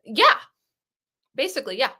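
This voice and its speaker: A woman's voice: high voice, huge pitch swings, moderate pace, bright, forceful tone, slightly rough. An American woman in a casual, playful chat, asking lots of curious questions over a video call. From United States.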